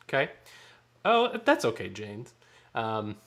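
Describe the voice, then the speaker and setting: Speaking slowly in a lowish, slightly bright voice whose pitch swoops wildly, this man runs a choir rehearsal. As director, he counts beats aloud and sings brief lines to show the singers how they go.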